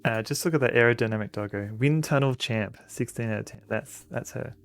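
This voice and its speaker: A man's voice: medium pitch, brisk. An Australian man chatting casually while streaming a game at home, rambling and talking fondly to his dogs. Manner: rambling, chatty, fond baby-talk to dogs. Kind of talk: casual live-stream chat.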